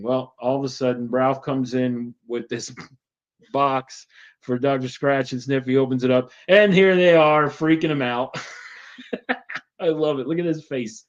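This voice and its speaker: A man's voice: mid-range voice, steady tone, measured pace. Chatty male host, mid-range voice, loose filler-heavy recap style, muffled lo-fi audio. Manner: chatty, rambling with many fillers. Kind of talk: casual retelling.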